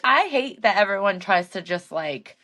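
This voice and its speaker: A woman co-hosting a podcast, chatting casually about a reality show and acting out quotes in an animated way. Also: mid-range voice, normal speed. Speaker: podcast co-host.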